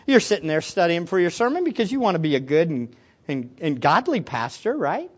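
A male pastor delivering a sermon with a very lively, swooping pitch. He jumps between loud, forceful outbursts and hushed, low asides, and he often repeats a word as he restarts a phrase. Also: a little fast, lo-fi sound. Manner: repeats words when restarting.

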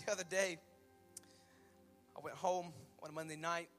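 A male pastor in his thirties preaching a sermon with stories, impassioned and swinging from loud to hushed. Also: on the high side, fairly even intonation, normal speed, soft background music. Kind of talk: sermon with storytelling.

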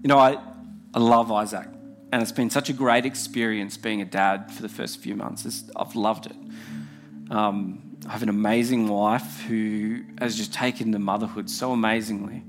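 A young man preaching a heartfelt sermon with repeated phrases, soft music behind. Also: fairly low pitch, fairly even intonation, moderate pace.

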